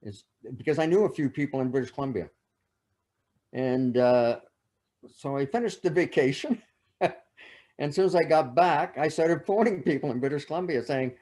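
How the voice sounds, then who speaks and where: A man with a somewhat high voice tells personal stories as a guest speaker. His delivery is chatty and anecdotal, and he often checks in with his listeners. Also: moderate pace, darkish tone. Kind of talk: personal storytelling talk.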